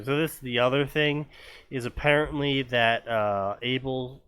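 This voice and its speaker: A man's voice: mid-range voice, steady tone, normal speed, sharp tone, clear, resonant tone, no room sound. A man hosting a podcast, casually commenting on fanfiction in a rambling way full of ums and restarts. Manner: rambling, many fillers and restarts. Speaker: podcast host.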